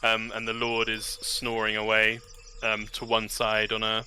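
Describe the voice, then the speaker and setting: Male game master, very bright timbre, laid-back narration. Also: lowish voice, completely flat delivery, a little slow, slight background noise.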